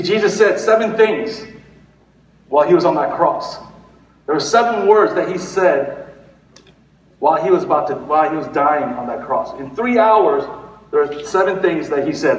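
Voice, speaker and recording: A man's voice: on the high side, a little hiss or hum. A male pastor giving a conversational sermon, rambling with restarts and fillers. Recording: echoey hall, recorded from far off.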